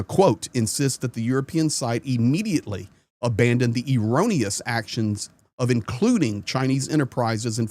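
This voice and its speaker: A man's voice: mid-range voice, darkish tone. A man from the United States hosting a political talk show, ranting angrily and emphatically about foreign policy. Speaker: host. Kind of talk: heated political commentary.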